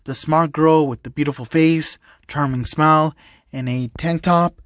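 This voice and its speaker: An eager, naive teenage cat boy, read aloud by a man, full of childlike wonder and halting "um"s. The voice sits a little high and the recording is dry and close. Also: steady tone, a bit bright, no room sound. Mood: shy, confused.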